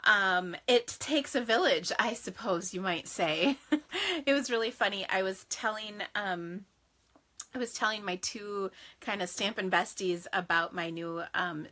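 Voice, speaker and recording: A woman chats casually to her livestream viewers from her craft room at home. Her voice is bright and forward, with sing-song greetings. She talks loosely, full of fillers and restarts. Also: medium pitch.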